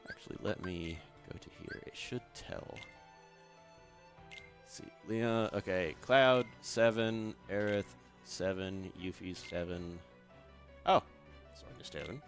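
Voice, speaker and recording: A man's voice: low-pitched, slow, pauses often, soft background music. A young man chatting and joking casually while playing a video game, laughing often. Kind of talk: casual gameplay commentary.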